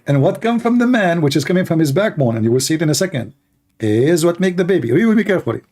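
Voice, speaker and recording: A man's voice: fairly high pitch, expressive, very fast, darkish tone. A man giving sarcastic, mocking livestream debate commentary in broken English. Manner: broken, non-native English phrasing. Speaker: online debater.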